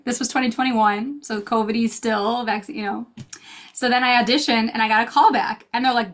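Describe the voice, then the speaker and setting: A woman in her thirties, an actress telling stories in a casual interview, bubbly and quick to laugh while acting out quotes. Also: a little high, steady tone. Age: 30s. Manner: bubbly storyteller, laughs often, acts out quotes. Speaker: actress and guest. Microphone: video call.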